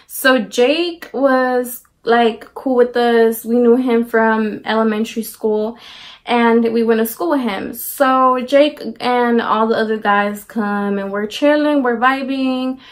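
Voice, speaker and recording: A young woman tells her followers a story in a casual, slangy way. She drops in lively asides, and her voice sits a little high. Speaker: vlogger. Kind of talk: storytime vlog.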